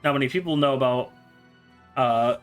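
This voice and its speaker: A man's voice: medium pitch, moderate pace, a bit bright, soft background music, natural voice. A man reading the lines of a blunt, sheepish teenage boy in a storybook.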